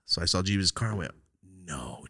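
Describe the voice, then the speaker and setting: A man hosting a podcast, telling a story in casual chat, animated and profane with loud outbursts. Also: on the low side, fairly quick, no room sound, studio quality. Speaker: podcast host.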